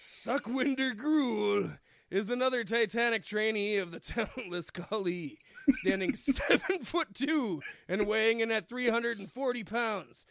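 A man's voice: high-pitched, creaky, a bit bright, no echo. A man co-hosting a podcast, reading wrestling news and breaking into laughter. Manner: laughs through his reading. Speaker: podcast co-host. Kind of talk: casual comedic chat.

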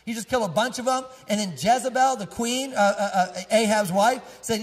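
Man, pastor, high voice, husky, joking storytelling sermon, long church-hall echo. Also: fairly quick, few pauses. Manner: casual, joking, laughs often while telling stories. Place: church sanctuary.

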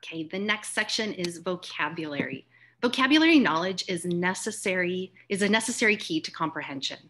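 A woman's voice: on the low side, expressive, a little fast, a bit bright. Woman explaining reading activities. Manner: informal, uses fillers while explaining. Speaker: reading presenter. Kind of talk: explaining classroom activities in a live session.

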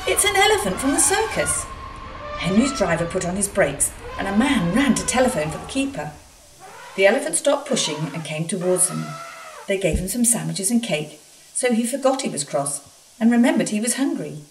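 A woman narrating a children's storybook in an expressive, animated reading. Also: medium pitch, normal speed. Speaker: storybook reader. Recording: echoey room, far from mic, faint hiss.

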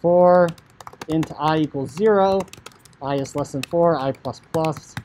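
A man teaching high school computer science, talking casually through code on screen, often saying "like" and acting out what a user might think. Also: a little slow, a little mellow, slight background noise, poor audio. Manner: chatty, filler "like", acts out inner thoughts. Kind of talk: casual coding screencast lecture.

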